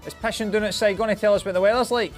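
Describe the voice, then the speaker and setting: A man's voice: high-pitched, fairly even intonation, rapid-fire, soft background music, pitched above the performer's own voice, natural voice. A man putting on a brash, jokey presenter voice.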